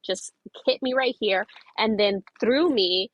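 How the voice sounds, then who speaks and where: A woman's voice: mid-range voice, slow, lo-fi sound. A young woman recounting a street confrontation in a casual storytime video, emphatic and repetitive, with plenty of fillers.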